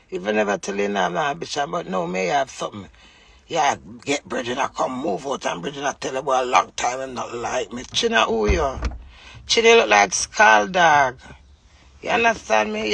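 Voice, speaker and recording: Gravelly Jamaican woman ranting. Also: fairly low pitch, fairly bright tone. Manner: heated, scolding, addresses her husband directly. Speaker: vlogger. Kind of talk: angry live rant.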